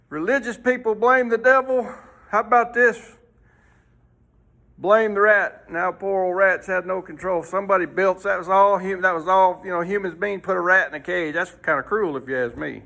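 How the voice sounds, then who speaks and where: A man's voice: sits high, vocal fry, pushed and bright. A man teaching a folksy Sunday school lesson, rambling and throwing in rhetorical questions.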